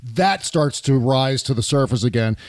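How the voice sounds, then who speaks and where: A man's voice: medium pitch, lively intonation, moderate pace, dry recording, studio quality. A man hosting a political talk show, chatting animatedly and laughing often. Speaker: podcast host.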